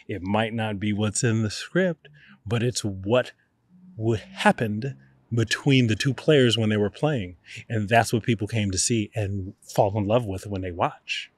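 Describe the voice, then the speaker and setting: Lively New man telling stories. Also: on the low side, unhurried, husky, dry recording. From New York. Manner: lively, acts out quotes. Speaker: guest, actor. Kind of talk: animated storytelling.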